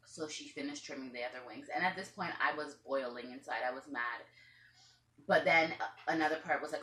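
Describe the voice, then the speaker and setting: Woman, low voice, roomy home room, chatty rambling vlog storytelling. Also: fairly quick, sharp tone, slight background noise. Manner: chatty, rambling, acts out what others said. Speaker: parrot owner and vlogger. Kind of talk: casual storytelling to camera. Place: room at home with pet birds.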